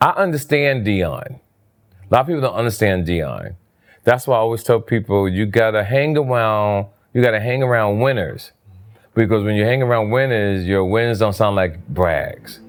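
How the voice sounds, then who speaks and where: Man, low voice, animated storyteller, casual interview, high jumps for quoted lines. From New Jersey. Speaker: interview guest, comedian.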